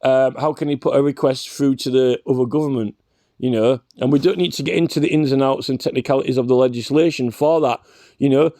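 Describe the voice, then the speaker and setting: This reaction vlogger has a mid-range, warm voice with fairly even intonation, recorded at studio quality with no echo. Combative and ranting, he repeatedly challenges the man he's arguing with, stammering and restarting his sentences.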